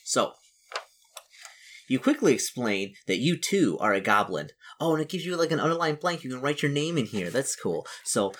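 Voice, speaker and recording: Husky-voiced man playing a gamebook. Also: mid-range voice, big pitch swings, normal speed, a bit bright. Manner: chatty, musing, self-correcting. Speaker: solo gamebook player and narrator. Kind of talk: casual playthrough, reading a gamebook aloud.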